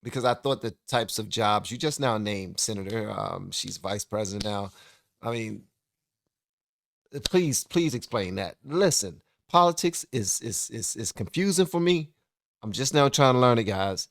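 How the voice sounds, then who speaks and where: Gravelly low-voiced man reacting casually. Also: animated, a little slow, no echo, studio quality. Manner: chatty, laughing, addresses viewers as y'all. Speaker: reaction video host.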